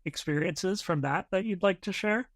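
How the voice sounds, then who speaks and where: A man's voice: sits high, normal speed, no echo, studio quality. A man co-hosting a podcast, asking a question with hesitations and fillers. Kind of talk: casual interview.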